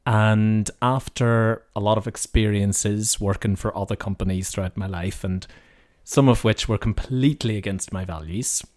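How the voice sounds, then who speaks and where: A man hosting an interview podcast speaks in a low voice. He is earnest and measured, mostly listening with short murmurs before offering his own thoughts at length. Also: steady tone, a little mellow. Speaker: podcast host. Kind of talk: conversational interview.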